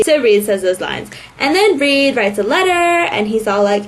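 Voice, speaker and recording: A woman's voice: mid-range voice, expressive, moderate pace, hardly any pauses. Snarky woman recapping a web series. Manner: sarcastic, snarky; valley-girl style speech. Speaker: vlogger. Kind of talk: casual recap vlog.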